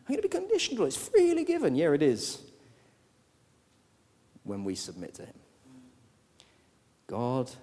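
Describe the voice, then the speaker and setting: A male pastor preaching a sermon, swinging from hushed, slow lines to loud, animated outbursts. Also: medium pitch. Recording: long hall reverb.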